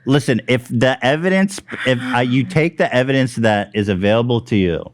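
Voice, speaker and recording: A young man hosting a podcast in a heated casual debate, halting and restarting often, swearing playfully. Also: mid-range voice. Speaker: podcast host.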